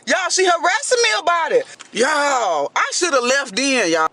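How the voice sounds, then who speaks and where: In a high voice and at normal speed, a woman spins a dramatic story in casual storytime style, barely pausing. Her delivery is animated, and she repeatedly speaks directly to whoever's listening.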